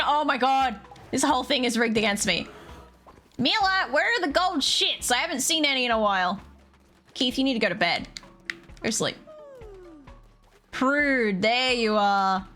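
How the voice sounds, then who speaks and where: A woman's voice: sits high, moderate pace, sharp tone, faint music behind. A young woman streaming a game, grumbling aloud with sarcastic, heavily sworn commentary. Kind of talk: casual gameplay commentary.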